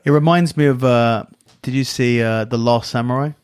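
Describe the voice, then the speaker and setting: Brief: male podcast host, mid pitch, easy interview style, lots of short backchannels. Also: steady tone, normal speed, clear, resonant tone. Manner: frequent short agreeing replies.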